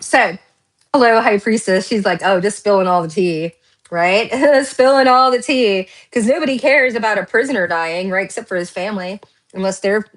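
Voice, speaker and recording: A woman giving a casual pick-a-card tarot reading, rambling and excitable, laughing often and drifting into tangents. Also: lowish voice.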